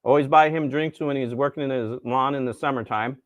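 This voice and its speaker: A man's voice: medium pitch, fairly even intonation, a little fast, no echo. A man chatting casually on a live cooking stream, enthusiastic and a bit tired from staying up late. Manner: enthusiastic, chatty, storytelling with voices.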